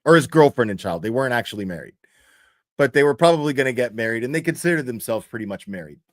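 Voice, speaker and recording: A true crime commentary streamer tells a story on a livestream, bluntly and profanely, full of fillers and restarts. He talks fast, with a mid-range voice and lively intonation.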